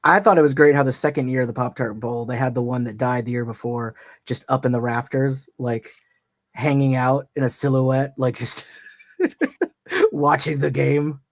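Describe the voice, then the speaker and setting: A man's voice: medium pitch, lively intonation, normal speed, dry recording, studio quality. A man in a casual podcast chat, blunt and sarcastic and swearing freely.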